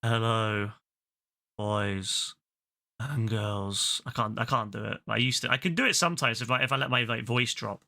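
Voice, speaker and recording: Streaming a game through his headset, this young guy talks fast in a creaky, bright, forceful medium-pitched voice, barely pausing. His casual commentary is full of swearing and filler words.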